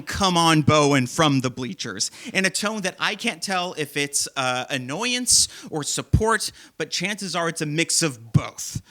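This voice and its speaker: Guy hosting a live storytelling show, self-deprecating, bright voice, theater stage mic. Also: medium pitch. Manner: self-deprecating, animated, laughing at himself. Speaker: host and storyteller.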